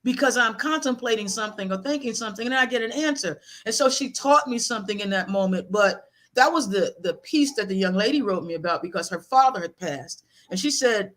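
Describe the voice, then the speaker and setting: A middle-aged woman telling personal stories as a guest author in an interview, animated and laughing often. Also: mid-range voice, fairly quick.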